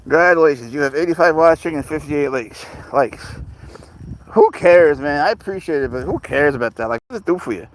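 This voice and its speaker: A man's voice: fairly high pitch, expressive, brisk. A man hosting a casual livestream outdoors in a park. He rambles and answers viewer questions as he walks his cat, talking into a phone.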